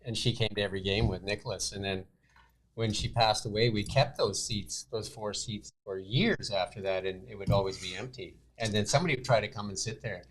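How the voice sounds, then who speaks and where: A man's voice: on the low side, brisk, slight background noise. A middle-aged man hosting a casual interview who is chatty and laughs easily. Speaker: host.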